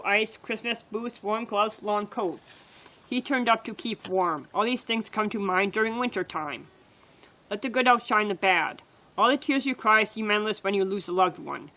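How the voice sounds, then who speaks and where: A woman's voice: mid-range voice, pushed and bright, rough recording. A woman reading her own poems on a livestream, in plain and earnest short sentences.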